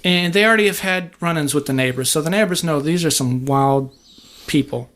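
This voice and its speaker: A man with a slightly high voice tells his story as a podcast guest. He speaks earnestly and haltingly, stopping to restart his sentences as he goes. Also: fairly bright tone. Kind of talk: casual spoken storytelling.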